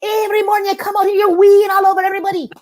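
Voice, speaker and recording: A wee fairy man scolds in a squeaky, high-pitched voice, as a woman puts him on for a told folk tale. He sounds tiny and thoroughly indignant. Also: little pitch movement, rapid-fire, a little mellow.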